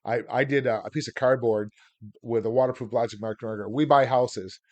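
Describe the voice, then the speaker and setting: A man's voice: mid-range voice, fairly even intonation, brisk, a little mellow, no room sound, muffled recording. A man teaching real estate deals on a video call, rambling through stories with plenty of filler words. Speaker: real estate investor teaching seller financing. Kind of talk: casual webinar talk.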